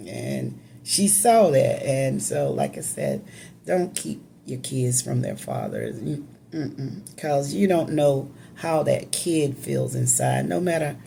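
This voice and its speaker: A woman's voice: extremely low pitch, big pitch swings, slow pace, creaky, mellow, slight background noise. A woman telling an emotional personal story in a casual, conversational, emphatic way.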